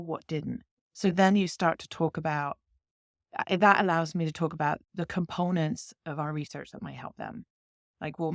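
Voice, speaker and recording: A woman's voice: low voice, gravelly, dry recording, studio quality. A woman with a British accent, a company head being interviewed, explaining her approach in long examples and acting out client conversations. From Britain. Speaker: CEO guest.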